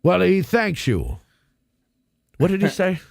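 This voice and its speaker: Guy hamming up a cranky santa, high swoopy voice, a bit gravelly, dry room. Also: huge pitch swings, slow pace, dry recording, heavily acted. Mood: grumbling. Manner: bickering, blustery, laughs a lot. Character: grumpy self-pitying male Santa Claus. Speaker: podcast host playing Santa. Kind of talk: improvised comedy role-play.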